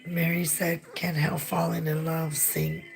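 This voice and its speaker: Hoarse, breathless woman with a gravelly voice. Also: lowish voice, fairly even intonation, normal speed, faint music behind. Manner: gravelly and tired. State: hoarse, losing her voice, out of breath. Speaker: livestream host reading chat. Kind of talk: casual livestream chat.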